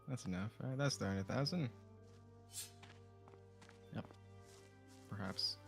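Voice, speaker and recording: A man's voice: lowish voice, slow pace, gravelly, a bit bright, soft background music. A man playing a tabletop game, joking around and chatting casually with the game master. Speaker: player.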